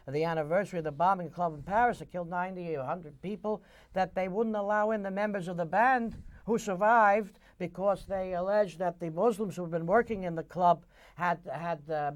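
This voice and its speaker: A man hosting a conversational interview, speaking in long-winded runs and retelling stories at length before he asks his questions. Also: high voice. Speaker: interview host.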